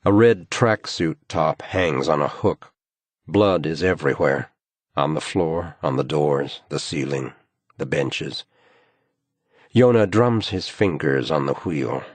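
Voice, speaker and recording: A man reading a crime thriller audiobook in measured, grave scripted narration. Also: very deep voice, husky, no room sound.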